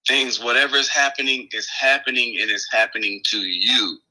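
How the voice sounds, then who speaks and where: A man co-hosting a casual spiritual podcast, thinking aloud in halting phrases with many fillers and restarts. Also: medium pitch, steady tone, sharp tone, low-quality recording. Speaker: podcast co-host.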